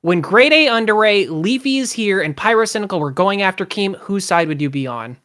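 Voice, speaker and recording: A woman's voice: medium pitch, expressive, fairly quick, fairly bright tone. A woman hosting a podcast, putting co-hosts on the spot with teasing questions. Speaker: podcast host. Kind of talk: casual chat.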